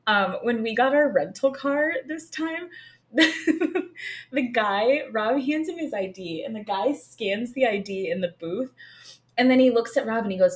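A woman's voice: a little high, measured pace. Laughing, chatty woman podcast co-host. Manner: lively storyteller, laughs often. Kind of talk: casual chat.

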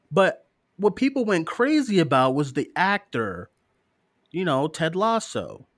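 A man's voice: on the high side, moderate pace, pauses often, no room sound, studio quality. A man co-hosting a casual live-stream show, reading listener questions, laughing often and cursing freely. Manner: animated, profane, laughs often, mocking voices.

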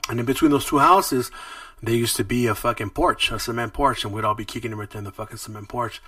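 A man's voice: medium pitch, fairly even intonation, fast, no room sound. A man hosting a podcast, telling stories in casual, profane street slang. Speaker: podcast host. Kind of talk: casual storytelling. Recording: distant mic with loud music behind.

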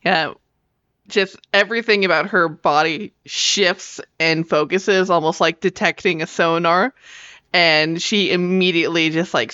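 A woman player slowly and thoughtfully describing her character in a tabletop game. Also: on the low side, a bit bright, clean tone, no room sound, highs cut off.

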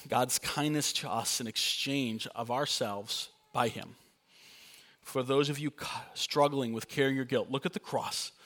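Young male pastor, sermon delivery, earnest and chatty with light humor, middle pitch. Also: a bit bright. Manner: earnest, conversational, with playful asides.

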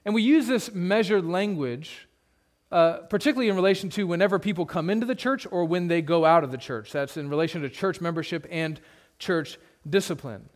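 A man's voice: high voice, fairly quick. A male pastor preaching an expository sermon in a conversational way, with humorous asides and points repeated for emphasis.

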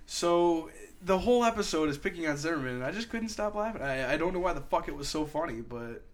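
A man's voice: fairly high pitch, lively intonation, quick pace. A young man telling a rambling, profane story in a casual podcast chat. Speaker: podcast co-host.

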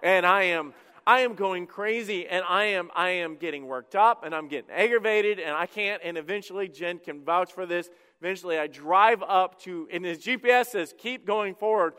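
A middle-aged male pastor preaching from the stage in a church, with a high, smooth, resonant voice. He tells stories in a chatty, self-deprecating way, full of quick restarts. The sound carries a long hall echo. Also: pushed and bright. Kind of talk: sermon. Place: church sanctuary.

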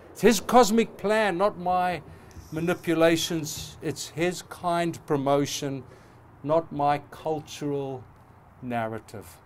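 A middle-aged man preaches with a slightly high, darkish voice, faint hiss or hum audible in the background. His sermon is fervent and emphatic, escalating through repeated phrases.

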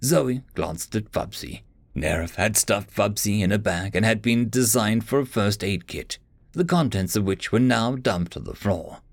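Gravelly man reading a story aloud. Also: lowish voice, measured pace, dry recording. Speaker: narrator. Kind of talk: audiobook narration.

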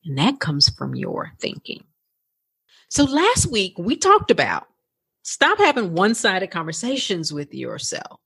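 Breathy, lively-voiced woman podcast host. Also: lowish voice. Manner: chatty and encouraging, with lots of "like" and "right?". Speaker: podcast host and life coach. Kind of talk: casual podcast talk.

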